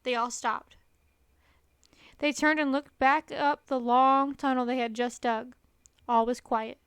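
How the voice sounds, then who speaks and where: A woman reading a children's storybook aloud in an expressive, lively manner. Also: high-pitched, takes it slowly, clear, resonant tone, dry recording. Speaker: storybook reader.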